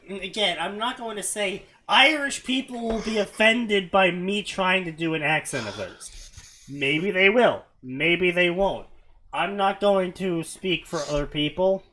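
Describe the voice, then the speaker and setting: A man chatting casually on a late-night stream, rambling and joking at his own expense. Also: high voice. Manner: rambling, self-deprecating, animated. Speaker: streamer reading fanfiction.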